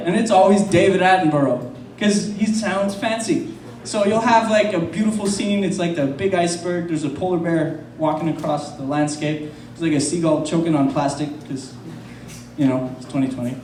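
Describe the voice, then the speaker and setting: A man's voice: high voice, a little mellow, recorded from a distance, a little hiss or hum. A man from France doing a profane stand-up comedy set, loose and chatty with crowd work. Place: comedy club. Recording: roomy club recording from afar with crowd. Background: audience laughter.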